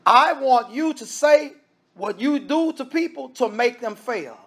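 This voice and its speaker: A man's voice: very high-pitched, expressive, a little slow. A man preaching a sermon in an emphatic, conversational style, speaking straight to the congregation.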